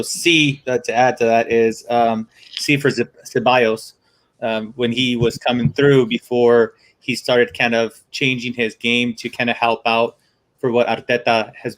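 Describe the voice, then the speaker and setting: A man's voice: medium pitch, a bit bright. A man calling into a fan podcast's open mic, laying out his points one by one in casual chat. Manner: methodical, lists points.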